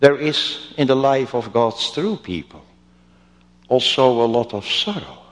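A male pastor preaching a sermon with slow, emphatic delivery and wide swings in pitch. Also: expressive, fairly bright tone. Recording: long reverb of a church hall.

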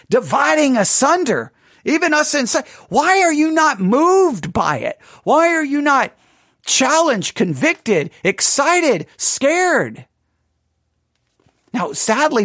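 In a high-pitched voice, a Bible teacher leads a dramatic, animated study lesson, acting out people's reactions and falling to a hush when reading scripture. The studio-quality recording has no echo.

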